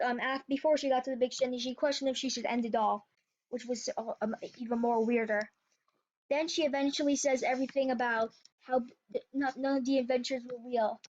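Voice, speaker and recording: Pitched high with a darkish tone, this woman casually retells a creepypasta, her storytelling rambling and peppered with restarts and self-corrections. The recording is dull and lo-fi.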